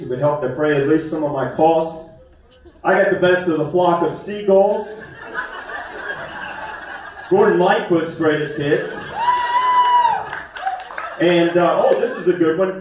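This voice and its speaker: A man's voice: fairly high pitch, a little mellow. A man doing a self-deprecating, conversational stand-up comedy set on a theater stage. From West Virginia. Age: 50s. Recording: echoey theater from far off.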